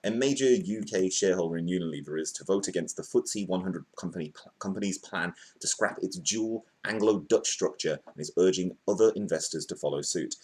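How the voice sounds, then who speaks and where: A man's voice: sits low, darkish tone, breathy edge. A man hosting a comedic news show, reading headlines and riffing off-script with fillers and restarts.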